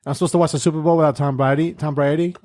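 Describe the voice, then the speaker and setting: A man's voice: on the high side, fairly even intonation, racing, background noise, close to an everyday voice. Foul-mouthed Boston football fan, put on by a man. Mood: ranting. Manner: profane, ranting. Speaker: co-host. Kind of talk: improvised sketch comedy.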